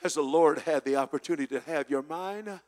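A man preaching a sermon as pastor, quoting scripture loudly and asking the congregation to repeat after him. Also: fairly high pitch, fairly quick, big-room sound. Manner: preaching with shouted scripture and call-and-response.

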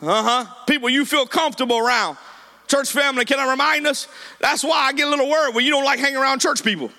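A man preaching a sermon with a shouted, sing-song cadence, repeating his lines for emphasis. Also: very high voice, fast.

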